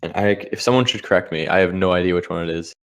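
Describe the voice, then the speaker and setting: A man with a very deep, low voice commentating a board game match as it happens. He talks through the options and strategy behind each move. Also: rapid-fire. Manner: analytical, explains strategy. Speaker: Scrabble commentator.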